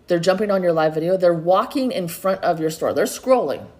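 A middle-aged woman hosts a motivational solo podcast, chatting warmly and encouragingly and calling her listeners "y'all." Her voice is lowish and darkish in tone, moving a little fast.

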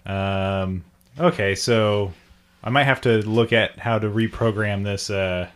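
A man's voice: lowish voice, takes it slowly. A man co-hosting a podcast, chatting casually and playing along with a comedy bit. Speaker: podcast co-host.

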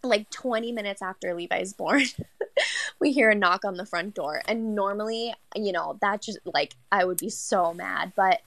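A young woman telling a personal story as a podcast guest, chatty and animated, full of likes and self-corrections, acting out the voices of the people she quotes. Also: moderate pace, gravelly, no room sound. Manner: animated, acts out quoted voices with big pitch jumps. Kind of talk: casual storytelling.

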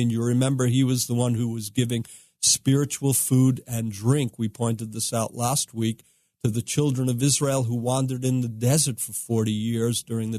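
A man's voice: mid-range voice, a little mellow, no echo, clean studio sound. A middle-aged man, a rabbi, teaching from scripture in a podcast, reading verses with emphasis and explaining them.

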